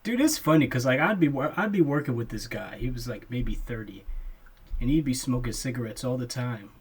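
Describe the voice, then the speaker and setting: A man's voice: medium pitch, animated, fairly quick, husky. A young man co-hosting a podcast, chatting casually, laughing often and calling his friend "bro.". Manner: laid-back, laughs often, says "bro" a lot. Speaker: podcast co-host. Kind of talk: casual chat.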